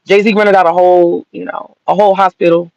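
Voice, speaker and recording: Woman going off on a profane rant, gravelly fry, dull lo-fi sound. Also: on the low side, little pitch movement, darkish tone, no echo. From American South. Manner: blunt, sassy, mocking, slow drawl. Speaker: commentator.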